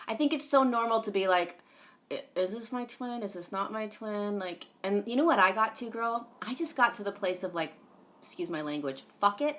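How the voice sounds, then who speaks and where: A woman's voice: medium pitch, a bit bright. A woman hosting a casual livestream, chatting in a rambling way with many fillers, greeting viewers by name and swearing now and then. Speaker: livestream host.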